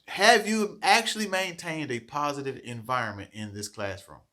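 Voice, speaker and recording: A man's voice: on the high side, normal speed, bright, forceful tone. A man giving a training talk to childcare teachers, earnest and coaching, often checking in with "okay?".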